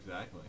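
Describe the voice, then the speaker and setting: A man's voice: recorded from a distance, noisy background. A young man hosting a radio show in casual banter, upbeat and breezy.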